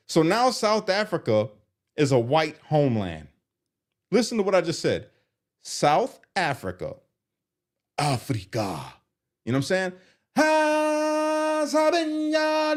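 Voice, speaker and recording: Lively exasperated man streaming. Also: fairly high pitch. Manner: animated and exasperated, reads comments aloud. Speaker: streamer reacting to comments. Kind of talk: live commentary.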